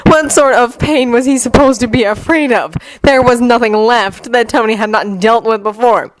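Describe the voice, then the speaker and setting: A woman narrating a fanfiction audiobook in a steady, even reading. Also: on the high side, normal speed, hardly any pauses, dry recording, poor audio. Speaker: fanfiction reader.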